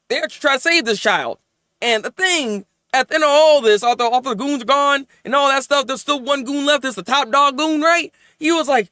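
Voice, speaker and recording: A man reviewing anime episodes in casual, animated chat, venting and rambling as he goes. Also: high-pitched, dry recording, studio quality. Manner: animated, rambling, quick to vent.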